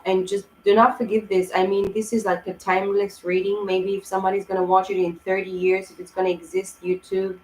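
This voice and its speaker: A woman talks through a tarot reading in a rambling, heartfelt way, full of fillers and restarts. Her voice sits low and keeps a flat, even pitch. The echoey room carries a faint hiss behind her. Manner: rambling, emotional, many fillers. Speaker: tarot reader. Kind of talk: casual tarot reading monologue.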